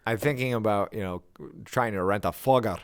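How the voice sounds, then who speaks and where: A man's voice: fairly low pitch, a little fast, no echo. A man co-hosting a casual podcast, rambling and swearing with many fillers. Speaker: podcast co-host. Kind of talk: casual chat. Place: home basement.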